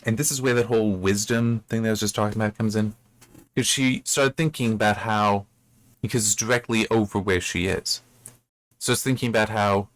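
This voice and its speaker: A man's voice: lowish voice, normal speed, no echo. A man giving casual, rambling commentary on a book he has read, with frequent restarts and asides. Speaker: book reviewer.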